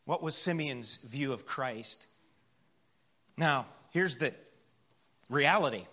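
A man's voice: medium pitch, lively intonation, slow pace, sharp tone. A man preaching a sermon in a church, building emphatic lists and acting out quoted voices in an anecdote. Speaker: pastor.

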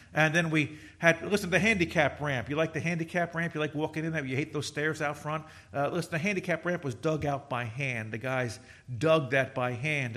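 A man's voice: a little high, fairly bright tone. An older man preaching a sermon as pastor, his voice rising and falling as he tells stories to his congregation.

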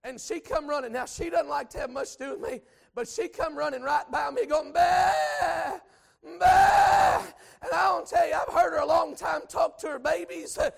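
A man preaching a storytelling sermon in folksy speech, swinging from hushed asides to shouted exhortation. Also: extremely high pitch, fairly even intonation, brisk, vocal fry, hardly any pauses. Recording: church service with congregation responses. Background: congregation.

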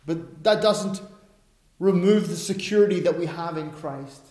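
A man's voice: on the high side, unhurried, a little mellow. A middle-aged male pastor preaching a sermon, emphatic, with chatty asides and self-corrections. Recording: echoey room.

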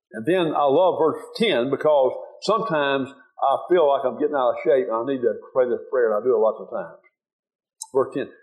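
A man's voice: mid-range voice, a little mellow. An older pastor, preaching a folksy, earnest sermon in a church and rising sharply when he reads scripture. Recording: tinny phone-like sound.

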